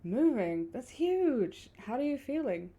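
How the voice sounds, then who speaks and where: A woman's voice: high-pitched, very animated, takes it slowly, mellow, breathy edge, voice pushed up, exaggerated voice. A woman voicing a friendly, easygoing adult male photographer in a video game, asking curious questions in a lightly raised voice.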